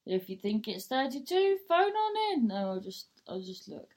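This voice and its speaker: A young woman hosts her own podcast, rambling casually through everyday stories and swearing freely in this casual monologue. Her mid-range voice has a sing-song lilt, a moderate pace, and a slightly mellow quality.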